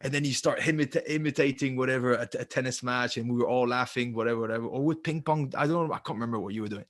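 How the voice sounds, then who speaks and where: A man co-hosts a rugby podcast and tells lively stories from his playing days. His voice sits at a middle pitch, recorded close with no room sound. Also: racing, dry recording. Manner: lively anecdotal storytelling. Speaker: podcast co-host, former rugby player. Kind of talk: casual podcast chat.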